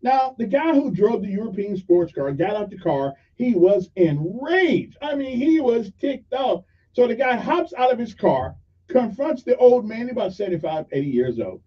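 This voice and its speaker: A man's voice: sits high, very animated, normal speed, husky. A man hosting call-in talk radio in a rambling, folksy storytelling manner, on a dull lo-fi radio recording. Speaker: radio talk show host.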